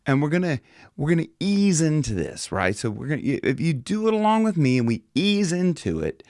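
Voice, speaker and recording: A man's voice: sing-song, normal speed, darkish tone, no echo, studio quality. Chill guy vocal coach rambling thru a lesson, voice jumps all over the place. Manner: loose and chatty, slips into high demo voices. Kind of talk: casual singing lesson.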